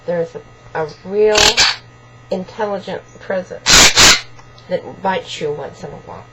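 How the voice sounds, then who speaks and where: A woman's voice: lowish voice, slow pace. A woman at home making a video of her pet parrot, talking to it in affectionate, cooing baby-talk. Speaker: pet owner. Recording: loud hum and buzzing noise behind.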